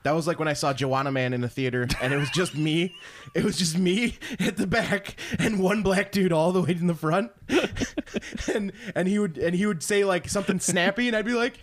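A man's voice: high voice, a little fast. A young man in casual chat, swearing freely and laughing often as he tells stories. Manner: animated, profane, laughing often.

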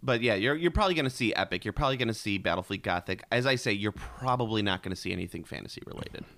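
A man's voice: lowish voice, expressive, very fast, gravelly, fairly bright tone. A man in casual chat who stumbles and repeats words as he talks.

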